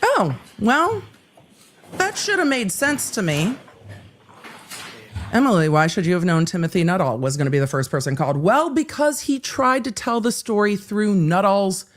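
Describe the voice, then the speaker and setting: A woman hosting a live legal commentary stream, chatty and joking, making asides to herself. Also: medium pitch.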